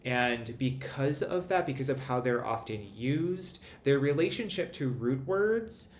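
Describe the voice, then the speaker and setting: A man giving a recorded lesson, explaining things in a measured, methodical way. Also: mid-range voice, animated. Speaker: literacy instructor. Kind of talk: recorded lecture. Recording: roomy echo, faint ambient noise.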